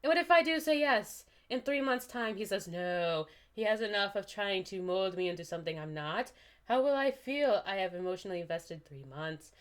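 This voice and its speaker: A young woman reading a book aloud with a desk microphone, giggling and breaking off to comment in casual chat. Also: on the low side.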